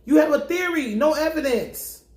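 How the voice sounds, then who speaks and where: A woman voicing an exasperated male cop who scolds loudly and incredulously, with heavy profanity. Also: high-pitched, expressive, normal speed, reverberant, voice pushed up.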